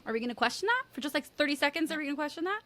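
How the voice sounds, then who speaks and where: Woman podcast host, high bright voice, candid and casual. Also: expressive, rapid-fire, dry recording. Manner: chatty, candid, swears freely. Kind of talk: casual chat.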